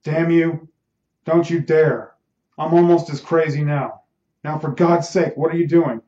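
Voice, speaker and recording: A man's voice: on the high side, fairly even intonation, unhurried, warm tone, close to an everyday voice. Male reader doing bossy young belle, echoey room, muffled sound. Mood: angry.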